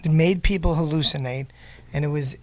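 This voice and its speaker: A man's voice: on the high side, fairly quick, darkish tone. A man hosting a casual podcast chat, teasing and joking with his guests. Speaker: podcast host.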